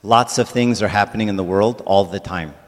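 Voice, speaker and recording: A man's voice: on the low side, brisk, big-room sound. A man giving a conversational church talk to a congregation, often checking in with "right?". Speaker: church speaker.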